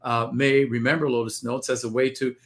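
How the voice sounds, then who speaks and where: A man guest on an interview, explaining technology in a measured way and repeating words as he starts a thought. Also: mid-range voice, level tone, a bit bright. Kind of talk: interview answers.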